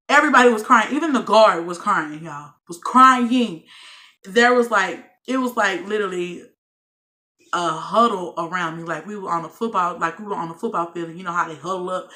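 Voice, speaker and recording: Speaking directly to viewers, a young woman vlogger recounts a personal story, candid and swearing freely. Her medium-pitched voice sounds pushed and bright.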